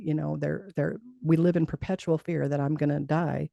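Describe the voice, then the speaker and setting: A middle-aged woman speaks as an interview guest, sharing her own story earnestly and acting out the voices she remembers. Her voice is low and mellow with a gravelly edge, and the recording is close and dry with no room sound. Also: steady tone, normal speed, dry recording. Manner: earnest, acts out quoted dialogue. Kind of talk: personal storytelling in conversation.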